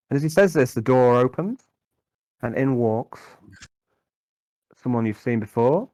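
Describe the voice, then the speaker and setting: A man running a tabletop game as game master, narrating with many pauses. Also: mid-range voice, animated, darkish tone, no room sound. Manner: rambling, thinks aloud.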